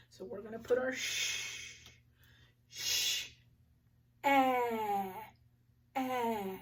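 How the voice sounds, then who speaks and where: A woman teaching a phonics lesson to young children, slowly sounding out each word with clear articulation. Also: fairly high pitch, recorded from a distance.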